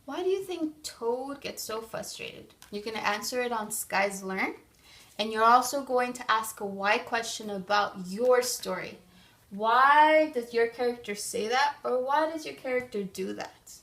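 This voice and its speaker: Woman teacher, slightly high voice with some gravel, reads a story to kids and talks it through patiently. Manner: gentle, guiding, thinks aloud with pauses. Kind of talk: classroom read-aloud and lesson.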